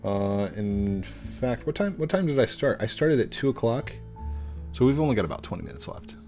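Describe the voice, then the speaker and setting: A man's voice: medium pitch, very animated, normal speed, warm tone. A middle-aged man hosting a casual live stream, reading viewer questions aloud in a chatty, goofy way and stumbling over usernames. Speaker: game streamer. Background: faint guitar music.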